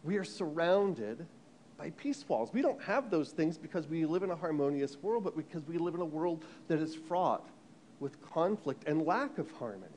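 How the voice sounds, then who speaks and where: American guy giving a sermon, kinda high voice, tells it like a story, lots of restarts. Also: normal speed, slight background noise. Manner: animated storytelling with frequent restarts and repeated words.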